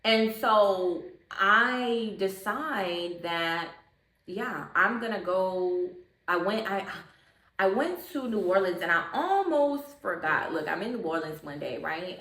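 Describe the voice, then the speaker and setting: A woman vlogger telling a personal spiritual story in a chatty, expressive way, often calling the listener baby. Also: medium pitch, unhurried, roomy sound, far from the mic, a little hiss or hum. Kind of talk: casual storytelling to camera.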